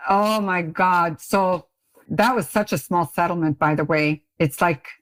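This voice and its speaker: A middle-aged woman guest on a podcast, telling her story in casual chat and acting out quoted voices with big pitch jumps and frequent laughs. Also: measured pace, no echo. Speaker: podcast guest, beauty brand CEO. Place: Ontario, Canada.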